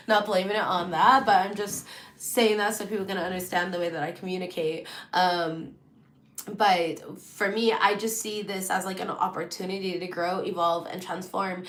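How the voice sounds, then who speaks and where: A woman giving a casual, chatty tarot reading, animated and full of fillers. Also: medium pitch, roomy sound. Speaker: tarot reader.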